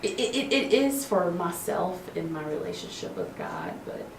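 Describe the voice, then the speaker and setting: A woman hosting a faith-based radio interview, lively and encouraging, with many affirmations. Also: fairly low pitch, normal speed, roomy sound, distant mic, slight background noise. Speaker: radio show host.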